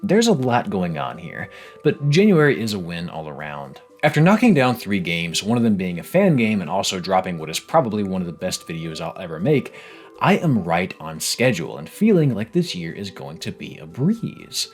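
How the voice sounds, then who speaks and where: A man with a fairly low voice narrates a scripted game review, his delivery swinging widely up and down in pitch. He talks in a wry, self-mocking way, with faint music playing underneath. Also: wildly swooping pitch, normal speed, darkish tone. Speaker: game video creator.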